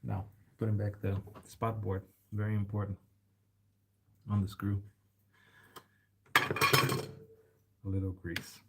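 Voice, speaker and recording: Casual vlogger type: young man, gravelly low voice, rambling shop talk, faint background noise. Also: little pitch movement, slow pace, long pauses. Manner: rambling, chatty, peppered with "man" and "bro". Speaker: bike repair vlogger. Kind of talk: casual chat while working. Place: bike repair shop.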